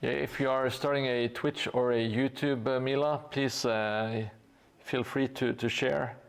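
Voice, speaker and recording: A man's voice: medium pitch, steady tone, measured pace, creaky, clear, resonant tone. A tired man from Norway chatting casually with viewers on a live stream while painting, joking and hesitant with many fillers.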